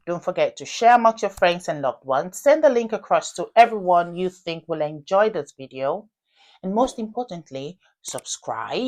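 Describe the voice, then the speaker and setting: Host, woman, lively swooping delivery, playful and chatty. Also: lowish voice. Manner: animated, playful quizzing. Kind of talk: casual chat show.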